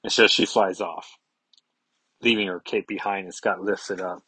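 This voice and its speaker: A man's voice: deep voice, fairly even intonation, normal speed, pushed and bright, breathy edge, no room sound, rough recording. A man hosting a casual podcast, recapping a comic book in a rambling way, with many fillers and self-corrections, on a close microphone. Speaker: podcast host.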